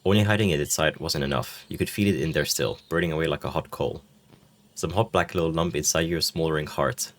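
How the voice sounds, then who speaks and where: A man's voice: very deep voice, brisk. A man reading the lines of a teasing, blunt young woman with a bare skull for a face, from a story game. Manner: teasing, blunt, swears casually. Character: faceless skeletal young woman, teasing, forward.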